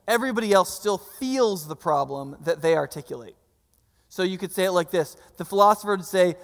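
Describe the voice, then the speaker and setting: A man's voice: sits high, brisk, gravelly. A man preaching a sermon as pastor, in a conversational style with frequent restarts and rhetorical questions. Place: church sanctuary. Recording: long church hall reverb.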